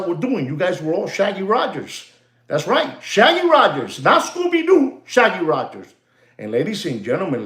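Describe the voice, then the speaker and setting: A man hosting a live stream, rambling in a teasing, lecturing way, packed with "you know" fillers. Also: fairly high pitch. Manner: animated, excitable, constant "you know" fillers. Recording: roomy, echoey room sound.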